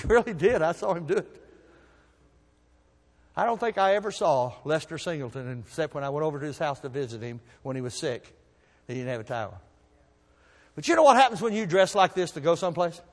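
Folksy preacher in a hall. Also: male voice, fairly high pitch. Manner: folksy storytelling, swings from soft asides to loud emphasis. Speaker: pastor. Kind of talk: sermon.

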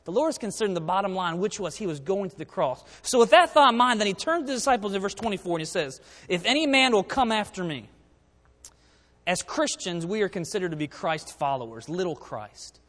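A man with a high voice preaches from the pulpit, his words ringing through a church with a long echo. He talks earnestly and slows right down to lean on each line of scripture. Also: animated, fairly bright tone. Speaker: pastor. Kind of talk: sermon. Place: church sanctuary. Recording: reverberant church hall.

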